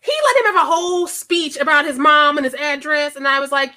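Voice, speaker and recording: A woman's voice: sits high, brisk. A woman in her thirties co-hosting a movie podcast, chatting casually, laughing often, swearing and acting out what characters said. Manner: animated, laughing, swears, acts out lines. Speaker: podcast co-host. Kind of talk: casual movie review chat.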